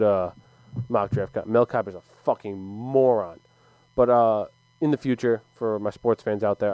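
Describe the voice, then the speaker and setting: A man's voice: on the low side, mellow, no echo, low-quality recording. A young man ranting casually to camera, heated and profane, with frequent stumbles and restarts. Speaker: sports commentator.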